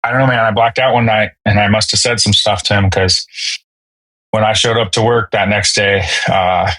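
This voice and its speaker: A man in his thirties, a podcast guest telling a personal story in a halting, emotional way with many fillers and restarts. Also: fairly low pitch, steady tone, pushed and bright, no room sound, low-quality recording. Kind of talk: candid storytelling.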